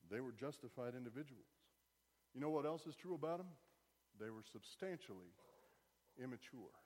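A man's voice: mid-range voice, lively intonation, moderate pace, a little mellow. A man preaching a sermon as pastor, conversational and wry, rising to emphatic bursts. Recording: long hall reverb.

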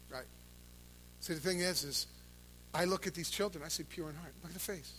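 A man preaching a sermon, his voice pitched high and ringing bright. He swings between shouted calls to the congregation and low, intense stretches of talk, all delivered from the pulpit of a church service. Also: animated, fast talker, husky. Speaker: pastor.

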